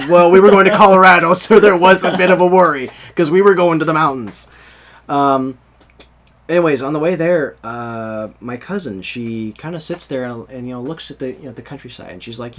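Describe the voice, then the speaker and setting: A man's voice: a little high, moderate pace, fairly bright tone. A young man from the United States hosting a podcast, rambling in casual chat and laughing often. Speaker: podcast host.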